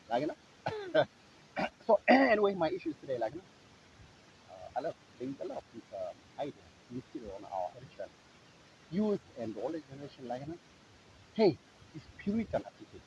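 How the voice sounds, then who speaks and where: A man's voice: medium pitch, sing-song, normal speed, a little mellow, slight background noise, rough recording. A man from Eritrea, talking in a rambling, sarcastic monologue full of "like, you know". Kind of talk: casual monologue.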